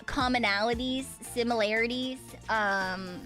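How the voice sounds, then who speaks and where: Woman streamer, higher voice, casual chat with cursing, faint music behind. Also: fairly even intonation, normal speed, hardly any pauses, fairly bright tone. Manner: chatty, laughing, swears casually.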